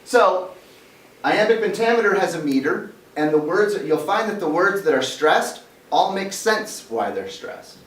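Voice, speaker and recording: A man's voice: high-pitched, lively intonation, a little slow, fairly bright tone. A male teacher lecturing a class, explaining step by step and quizzing students as he goes. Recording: roomy classroom, mic far off, faint background noise.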